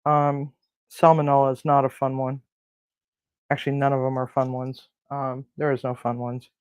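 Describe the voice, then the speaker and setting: A man's voice: mid-range voice, monotone, moderate pace, clean tone, no room sound, low-quality recording. A man hosting a casual cooking demonstration in a kitchen, rambling with crude jokes and lots of fillers. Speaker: cooking show host. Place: home kitchen.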